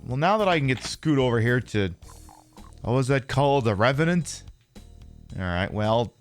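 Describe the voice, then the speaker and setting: Animated man streaming a shooter game. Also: medium pitch, moderate pace, pauses often, faint music behind. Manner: animated, jokey, swears at the game enemies. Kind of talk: live-streamed gameplay chat.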